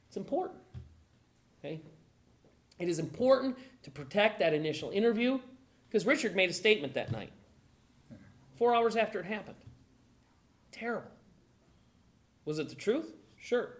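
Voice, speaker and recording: A woman presenting to a gun owners' group speaks in a mid-range voice at moderate speed, pausing often. She keeps it lively by acting out dialogues and asking the audience questions.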